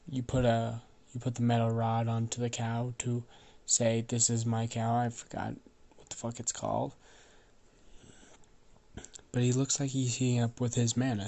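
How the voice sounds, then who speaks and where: A man's voice: medium pitch, gravelly, darkish tone. A man with a cold telling an improvised story in a loose, rambling way, coughing now and then. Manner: rambling, loose, with fillers and swearing.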